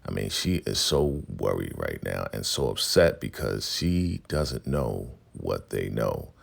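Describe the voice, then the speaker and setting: Very deep gravelly man recapping a show. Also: sing-song, measured pace. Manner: chatty, acts out scenes in voices. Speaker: recap host. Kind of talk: casual recap vlog.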